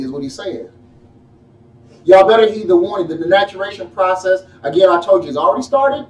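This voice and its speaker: A man preaching a sermon in a folksy, animated way, firing off rhetorical questions at his congregation. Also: high-pitched, fairly quick. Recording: echoey room, mic at a distance.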